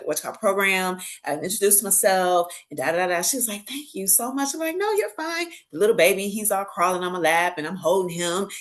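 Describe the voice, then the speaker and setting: A woman guest on a podcast, telling stories in casual conversation and acting out the voices of the people in them. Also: on the low side. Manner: animated, acts out quoted voices; laughs while telling stories.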